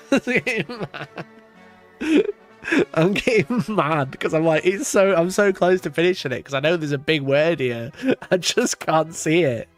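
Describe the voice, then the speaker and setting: A male streamer thinks aloud over a word puzzle and keeps laughing at his own mistakes. His slightly high voice swings widely in pitch, and his slow, drawn-out words are laced with swearing. Soft music plays faintly underneath. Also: expressive. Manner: talks to himself, self-mocking, laughs often, swears. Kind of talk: live-stream puzzle gameplay chatter.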